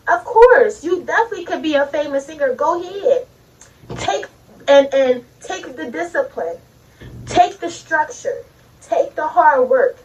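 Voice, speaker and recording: A high-pitched woman preaches to her viewers in a loose, casual way. She sits some way back from the mic, and the recording sounds dull and lo-fi. Her talk is chatty and direct. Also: recorded from a distance. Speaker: vlogger. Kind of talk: motivational talk to camera.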